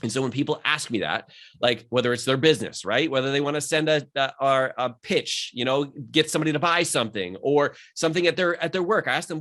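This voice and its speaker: On a podcast, a man who coaches mindset speaks quickly and with real conviction, pushing motivation and lifting his voice for emphasis. The voice sits mid-range with a bit of brightness.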